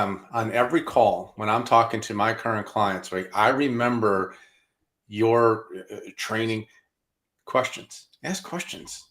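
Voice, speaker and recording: A man's voice: medium pitch, fairly bright tone. A man hosting a business podcast, talking casually, often restarting and stumbling before his point lands. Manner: halting, with repeated restarts and fillers. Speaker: podcast host.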